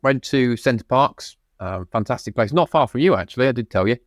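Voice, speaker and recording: A man's voice: mid-range voice, lively intonation, brisk, no room sound, clean studio sound. A man co-hosting a podcast in casual chat, talking loosely with frequent ums, restarts and laughter. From United Kingdom. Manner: chatty, laughing often, many restarts and ums. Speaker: podcast co-host.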